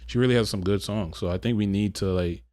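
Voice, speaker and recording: A man's voice: fairly low pitch, fast talker, a little mellow. A man co-hosting a podcast in casual chat, laid-back and slangy with lots of filler words. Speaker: podcast co-host.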